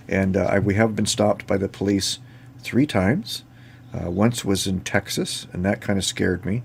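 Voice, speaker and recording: A man's voice: on the low side, moderate pace, gravelly, husky. A man from Ontario hosting a casual chat, telling rambling stories and acting out the dialogue. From Ontario, Canada. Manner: rambling anecdotes with laughs and acted-out dialogue. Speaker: host.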